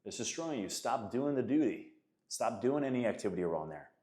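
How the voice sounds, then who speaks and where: A man's voice: mid-range voice, sing-song, a little fast, warm tone. A man in his thirties giving an emphatic, casual motivational talk on faith and self-discipline, often calling listeners guys and man. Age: 30s. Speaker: faith and men's coach. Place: Florida.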